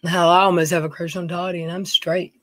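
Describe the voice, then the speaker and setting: A woman's voice: fairly low pitch, little pitch movement, fairly quick, no echo. Chatty woman live-streaming. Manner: chatty, reads viewer names aloud, folksy. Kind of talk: casual live-stream chat. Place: dim room at home.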